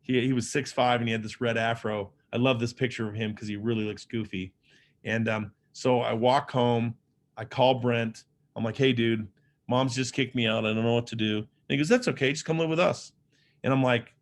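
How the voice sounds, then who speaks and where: This earnest middle-aged motivational speaker moves at a brisk clip in a mid-range voice while telling his own story. It comes out loose and chatty, with frequent fillers and restarts.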